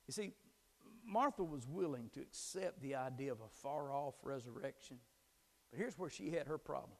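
A man preaching a sermon, moving from calm storytelling to fervent, shouted proclamation. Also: mid-range voice, normal speed, vocal fry, in a large hall. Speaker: pastor.

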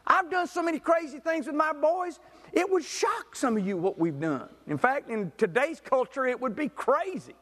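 A middle-aged pastor preaches, telling folksy stories and swinging from loud bursts to hushed asides. His voice sits high for a man. It rings out with a long reverb, as in a large church hall. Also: normal speed. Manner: folksy, animated storyteller who swings from loud to quiet. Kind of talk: sermon with storytelling.

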